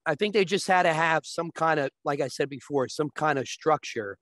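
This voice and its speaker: A man as a guest on a talk show, explaining sports betting step by step and often checking with a quick "right?". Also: a little high, fairly bright tone, no echo.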